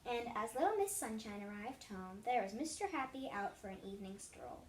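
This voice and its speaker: A woman reading a children's story aloud in a gentle, expressive way, recorded in a roomy space. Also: medium pitch, fairly quick, slight background noise. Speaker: storybook reader. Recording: roomy echo.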